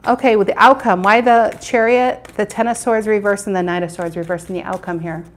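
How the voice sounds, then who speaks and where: A woman's voice: mid-range voice, fairly even intonation, brisk. A woman doing a live tarot reading, chatting with viewers and repeating her questions as she turns the cards. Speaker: tarot reader.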